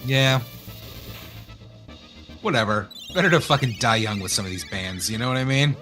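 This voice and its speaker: A man with an East Texas accent, co-hosting a casual game stream, reading chat aloud and joking with a lively, laughing manner. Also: mid-range voice, normal speed, soft background music. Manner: animated, jokey, laughs often, reads chat aloud.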